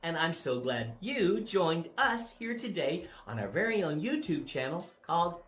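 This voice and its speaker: A man's voice: fairly high pitch, very animated, a little slow, fairly bright tone. A man hosting a children's channel with cheerful kids' show delivery. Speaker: YouTube channel host. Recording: roomy sound with music.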